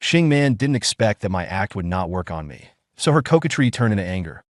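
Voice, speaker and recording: A man's voice: fairly low pitch, sing-song, brisk, hardly any pauses, no echo, studio quality. A man narrating a first-person revenge story in a smug, scripted reading.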